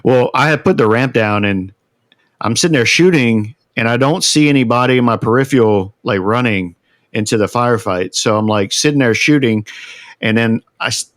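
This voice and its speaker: A man, a veteran guest on a podcast, telling a long story in a casual, animated way and acting out the quotes. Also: medium pitch, no room sound, studio quality. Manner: animated, acts out shouted quotes.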